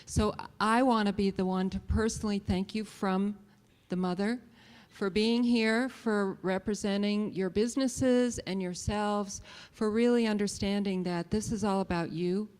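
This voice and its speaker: Soft-spoken woman in her sixties, echoing hall. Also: medium pitch, unhurried. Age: 60s. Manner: modest, calm, soft-spoken. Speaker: conference founder. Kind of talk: welcome speech. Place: conference hall. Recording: long hall reverb.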